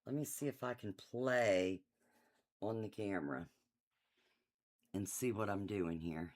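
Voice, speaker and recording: A woman's voice: a bass voice, unhurried, a little mellow. A middle-aged woman hosting a live quilt shop sale in her shop, chatty and enthusiastic, laughing often and reading out item numbers. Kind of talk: casual live-stream sales chat.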